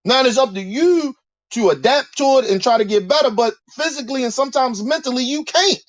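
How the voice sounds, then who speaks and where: A man's voice: very high voice, a little fast, no room sound, highs cut off. A man delivering a heated, profane monologue rant, preaching and repeating himself as he builds his points. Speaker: commentator.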